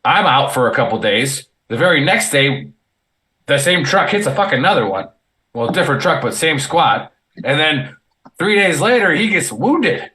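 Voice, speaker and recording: A man's voice: fairly high pitch, sing-song, moderate pace, sharp tone. A man, an army veteran, telling war stories in a casual, rambling way, swearing often and restarting sentences with lots of fillers. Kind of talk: casual podcast storytelling.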